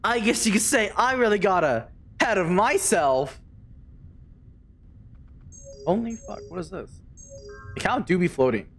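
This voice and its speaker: A game streamer commentating a live play session, excitable, swearing and reading game dialogue aloud in mock voices. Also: mid-range voice, measured pace, pauses often, soft background music. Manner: excitable, swears, screams in panic.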